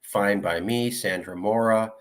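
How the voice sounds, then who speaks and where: Male political commentator, lowish voice, casually reading viewer comments aloud in quick succession.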